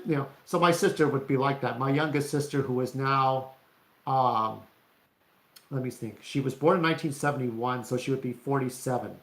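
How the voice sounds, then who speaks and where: A man's voice: mid-range voice, moderate pace. A man in his forties speaking in a blunt, profane vlog rant indoors, often restarting his sentences. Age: 40s. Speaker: vlogger. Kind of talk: ranting vlog monologue. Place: indoor room. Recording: roomy echo.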